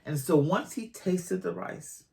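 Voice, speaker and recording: A woman's voice: on the low side, measured pace, vocal fry, mellow. Teasing woman with a Boston accent. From Boston, USA. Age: 50s. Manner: teasing, laughing often. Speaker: co-host of a couple's channel. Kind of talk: casual chat.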